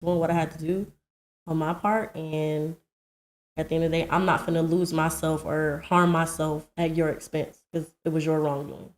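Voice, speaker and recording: A woman's voice: low-pitched, level tone, normal speed. A woman co-hosting a podcast, talking bluntly and animatedly in casual chat and laughing easily. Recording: echoey room.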